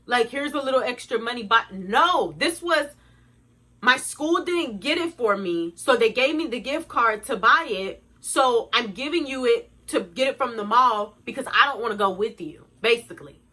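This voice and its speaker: A woman's voice: fairly high pitch, lively intonation, moderate pace, sharp tone. A young woman telling a storytime to her viewers, blunt, profane and indignant as she rants. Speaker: vlogger. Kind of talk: storytime rant.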